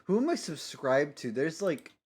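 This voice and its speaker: A man's voice: fairly high pitch, sing-song, normal speed, husky. A man chatting casually on a live stream, rambling and giggling, often cutting himself off mid-sentence. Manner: rambling, giggly, self-interrupting.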